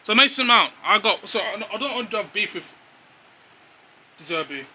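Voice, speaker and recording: A man's voice: high-pitched, expressive, moderate pace, bright, forceful tone, breathy edge. A young man co-hosting football banter with his dad, teasing and quizzing him and swearing freely. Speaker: co-host, son.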